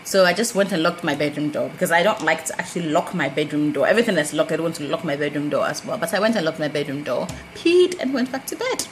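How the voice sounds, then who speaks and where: A Ghanaian woman speaks in a casual storytelling vlog, her voice sitting a little low and turning quiet and muttered when she recounts her own thoughts. She leaps high and bright when she acts out what others said. A faint hum of room ambience sits behind her. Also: quick pace, few pauses, rough recording. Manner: animated, acts out quoted dialogue with big pitch jumps. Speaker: vlogger.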